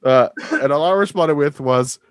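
A man's voice: a little high, normal speed, no echo, studio quality. A man co-hosting a podcast in casual chat, rambling with lots of fillers and restarts. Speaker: podcast co-host.

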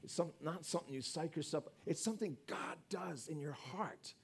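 A man preaching a conversational evangelistic sermon, swinging between loud emphasis and quiet asides. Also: fairly high pitch, moderate pace, vocal fry, breathy edge.

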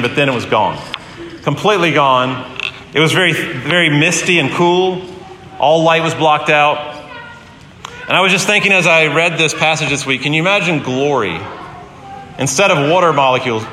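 A man's voice: on the high side, sharp tone, slight background noise. A man in his fifties, a pastor preaching a sermon in an earnest, storytelling way with emphatic repeated phrases. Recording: roomy hall with long reverb, faint ambience.

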